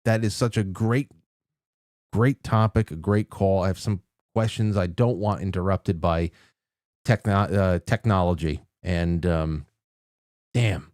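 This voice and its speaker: A man's voice: sits low, a little slow, darkish tone, no room sound, clean studio sound. A man hosting a casual call-in talk show, rambling with frequent restarts and chuckles. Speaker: radio call-in host.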